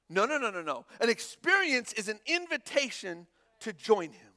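A young male pastor preaching a sermon, animated, acting out the Bible dialogue in shifting voices. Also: very high voice, normal speed.

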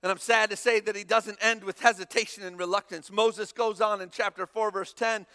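High, bright-voiced male preacher. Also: fairly quick, hardly any pauses, smooth. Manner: animated, acts out Bible dialogue in varied voices. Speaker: pastor. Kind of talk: sermon.

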